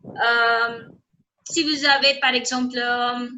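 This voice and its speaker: Bright, high-voiced woman teaching French. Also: fairly even intonation, lo-fi sound. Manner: explains slowly and repeats example sentences; checks often that students follow. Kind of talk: online language lesson.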